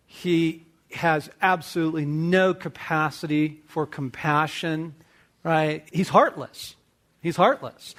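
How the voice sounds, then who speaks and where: Man, middle-aged, host, storytelling, fairly high voice, lively delivery. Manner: animated storyteller acting out dialogue. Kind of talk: casual teaching talk to men.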